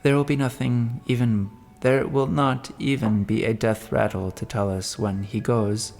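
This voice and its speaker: A man giving a measured, solemn reading of a classic novel as an audiobook narrator. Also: mid-range voice, steady tone, vocal fry, a little mellow, soft background music.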